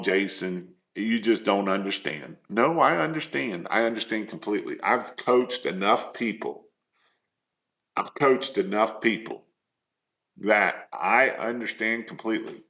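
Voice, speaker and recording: A man's voice: medium pitch, measured pace, a bit bright. A man coaching small business owners in a live stream, earnest and repetitive, firing off rhetorical questions.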